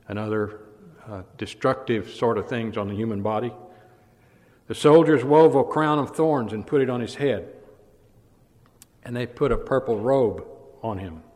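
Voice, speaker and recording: Male preacher, sermon, dramatic storytelling, loud and hushed by turns, long hall reverb. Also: fairly low pitch, unhurried, long pauses. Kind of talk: sermon retelling scripture.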